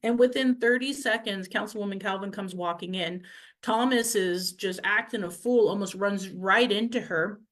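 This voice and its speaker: A councilwoman recapping events to her viewers, animated, acting out the people she quotes. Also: mid-range voice, normal speed. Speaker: city councilwoman.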